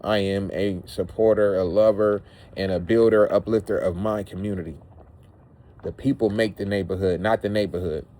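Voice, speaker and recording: A man's voice: fairly low pitch, fairly even intonation, moderate pace, warm tone. A man speaking in an emotional, rambling personal monologue, repeating words for emphasis. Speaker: vlogger.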